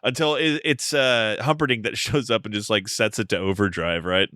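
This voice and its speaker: A man's voice: on the low side, normal speed, sharp tone, no echo, clean studio sound. A man co-hosting a podcast, recapping a film plot in a wry, joking way. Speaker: podcast co-host. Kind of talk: casual film discussion.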